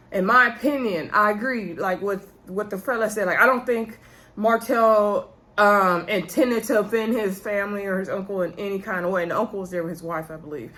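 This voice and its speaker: A woman's voice: medium pitch, fairly bright tone. A woman recaps a reality show in a loose, chatty way. She talks straight to her viewers and calls them y'all. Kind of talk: casual recap vlog.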